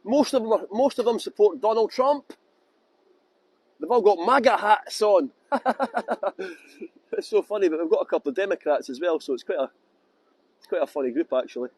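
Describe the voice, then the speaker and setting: Scottish man, high-pitched, jokey live tour guide filmed on a phone, dry close sound. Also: fairly quick, a little mellow, husky, dry recording. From Scotland. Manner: chatty and jokey, greets viewers by name, breaks into song. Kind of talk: casual walking tour commentary. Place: outdoors at a harbour ferry terminal.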